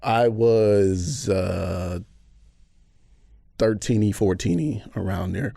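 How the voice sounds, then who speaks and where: Gravelly-voiced man telling a story. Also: on the low side, slow, no echo, clean studio sound. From Atlanta, USA. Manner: animated storytelling, acting out quoted voices. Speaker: podcast guest. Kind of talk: casual conversation.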